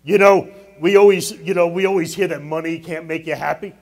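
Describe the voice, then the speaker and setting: Middle-aged male pastor, high-pitched, sermon delivery with emphatic swells and wry asides. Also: steady tone, a little fast, darkish tone. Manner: preaching with rising emphasis and asides.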